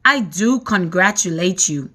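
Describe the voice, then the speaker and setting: A woman voicing a wise old male grasshopper in a storybook, measured and grandfatherly. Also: lowish voice, lively intonation, sharp tone, exaggerated voice. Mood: kindly.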